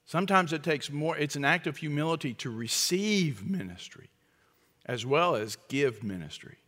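A man's voice: on the high side, expressive, moderate pace, sharp tone, in a large hall. A man preaching a sermon as pastor, emphatic, often acting out quoted lines and chuckling at his own jokes.

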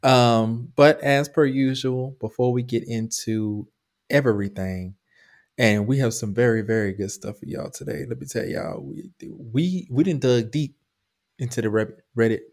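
A man co-hosting a podcast, slightly hoarse from a cold, talking. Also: medium pitch, moderate pace. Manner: playful, preacher-like flourishes. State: hoarse, under the weather. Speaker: podcast co-host. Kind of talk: casual chat.

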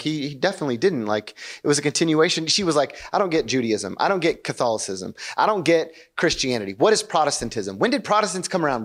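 A man preaching a sermon as pastor, telling a personal story in a chatty, animated way and acting out quoted lines. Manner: animated, chatty, acts out quotes with rising pitch. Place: church service.

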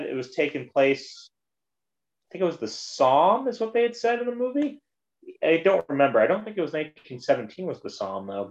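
A man's voice: a little high, highs cut off. A man in a casual movie chat, rambling as he retells scenes and slips into quoted voices.

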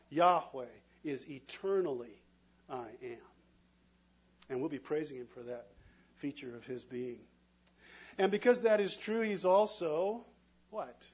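Man, middle-aged pastor, emphatic sermon, husky voice, dull lo-fi sound. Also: high voice, a little mellow. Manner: emphatic call-and-response preaching, asks the congregation questions.

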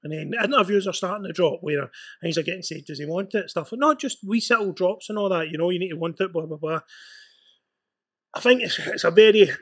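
A man's voice: high voice, expressive, fairly quick. A Scottish man, a former footballer hosting a casual chat, talking in a reflective, supportive way. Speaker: podcast host, former footballer.

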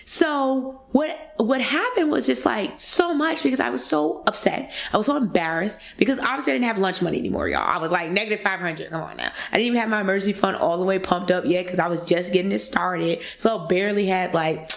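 Brief: woman in her twenties, podcast guest, casual and animated storytelling, slight vocal fry. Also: medium pitch, a little fast, few pauses. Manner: animated, acts out quoted voices, addresses listeners as y'all.

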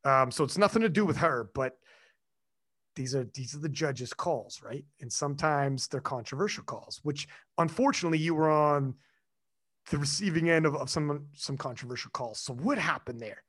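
A man's voice: fairly high pitch, normal speed, fairly bright tone. A man hosting a casual interview, walking his guest through her story with playful asides and frequent laughs. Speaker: podcast host.

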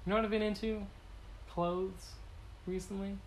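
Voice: medium pitch, level tone, normal speed, a little hiss or hum, low-quality recording. A young American podcast co-host chatting playfully and rambling about everyday topics. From United States. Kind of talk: casual chat.

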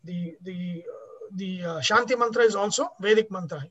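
A woman's voice: medium pitch, normal speed, highs cut off. A woman teaching a class on Vedic chanting, explaining patiently with many fillers.

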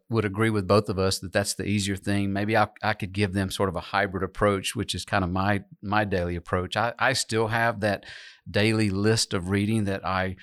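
A man, a pastor co-hosting a church podcast, talking in a relaxed, thoughtful way with frequent restarts. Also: on the low side, no room sound, studio quality. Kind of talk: casual conversation.

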